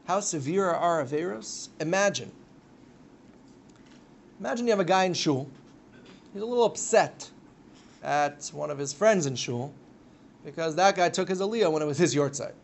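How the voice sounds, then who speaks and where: A man giving a live religious lecture to a class, telling stories with sudden loud bursts. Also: a little high, lively intonation, normal speed, gravelly, long pauses, slight background noise. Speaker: Torah teacher.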